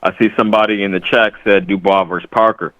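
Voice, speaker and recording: A man's voice: on the low side, steady tone, fast, no echo, muffled recording. A man from the Bay Area calling in to chat about boxing, polite and chatty with plenty of fillers. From Bay Area, California. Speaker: caller. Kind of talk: casual call-in chat.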